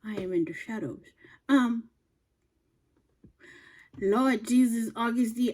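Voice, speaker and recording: A woman hosting a reaction video, chatting to herself and reading text aloud slowly. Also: fairly high pitch, darkish tone. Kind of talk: casual reaction commentary.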